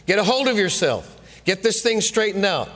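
A man voicing God as a stern male drill sergeant who barks rapid-fire challenges like a coach at halftime. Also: high voice, big pitch swings, a bit bright, voice pushed up. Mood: demanding. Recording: long hall reverb.

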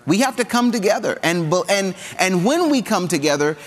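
A man from the American South with a Southern drawl, preaching a sermon in an animated, conversational way with humor and call-and-response. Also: sits high, normal speed, few pauses. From Southern United States. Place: church sanctuary. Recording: long hall reverb.

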